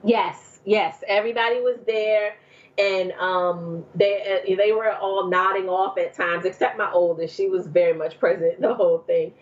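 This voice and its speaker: A woman's voice: medium pitch, steady tone, moderate pace. Chatty woman guest, dull lo-fi sound. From New Jersey. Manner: chatty, laughs often, many fillers. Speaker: podcast guest. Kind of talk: casual storytelling.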